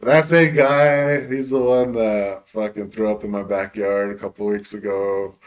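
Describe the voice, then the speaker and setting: A man's voice: fairly low pitch, fairly even intonation, a little slow. Laid-back swearing male storyteller. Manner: laid-back storyteller, swears a lot, laughs while telling. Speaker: podcast co-host. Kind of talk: casual podcast chat.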